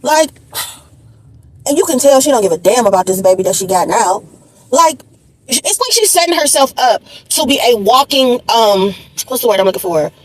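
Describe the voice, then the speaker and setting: A woman with a high, bright voice delivers a ranting reaction commentary. She is blunt and profane, and she sounds fed up. Her pitch sits well above the usual for a woman. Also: lively intonation, moderate pace, rough recording. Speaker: commentary vlogger.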